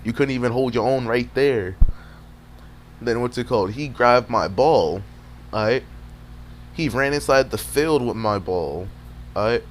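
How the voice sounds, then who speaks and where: Over gameplay footage, a young man who makes gaming videos recounts a fight in a medium-pitched voice, speaking at a measured pace with frequent pauses. His telling is casual, animated, profane, and heavy on street slang, with a faint hum behind him.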